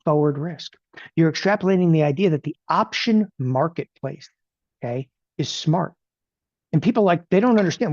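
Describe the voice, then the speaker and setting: Excitable man pitching trades. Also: no room sound, highs cut off. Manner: animated, repeats "okay?" constantly, rapid-fire. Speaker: options trading educator. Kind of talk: live trading webinar.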